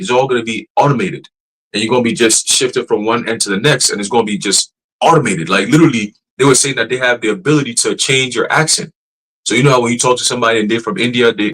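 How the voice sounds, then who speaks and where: Animated, profane man preaching casually. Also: mid-range voice, low-quality recording. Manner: animated, profane, laughing, many restarts. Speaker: church teacher.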